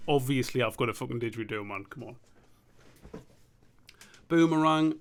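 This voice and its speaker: Gravelly, sweary man. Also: medium pitch, steady tone, racing. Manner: rambling, sweary, thinking aloud. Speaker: streamer and animator. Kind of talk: casual live-stream chat.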